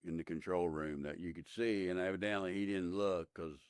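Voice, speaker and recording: A man's voice: sits low, fairly even intonation, fairly quick, clean tone, no echo, studio quality. A man in his fifties, a podcast guest, telling his story in a plain-spoken, rambling way with many fillers. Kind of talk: casual interview storytelling.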